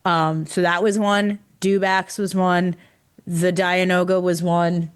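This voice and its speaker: A tired woman co-hosting a podcast in casual chat, excited and laughing often. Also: fairly low pitch, clear, resonant tone. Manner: excited, laughs often, puts on quick character voices. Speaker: podcast co-host.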